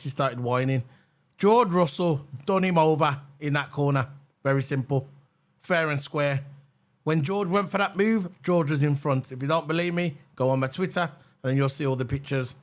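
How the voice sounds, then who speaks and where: A man hosts a reaction livestream in a heated rant. His voice sits a bit high, and he mocks and repeats lines to drive each point home. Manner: heated, mocking, repeats phrases for emphasis. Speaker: livestream host.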